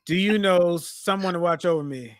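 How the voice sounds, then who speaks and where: Animated man telling stories. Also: sits high, moderate pace, dry recording, studio quality. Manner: animated storyteller, acts out quotes. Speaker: podcast co-host. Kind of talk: casual storytelling chat.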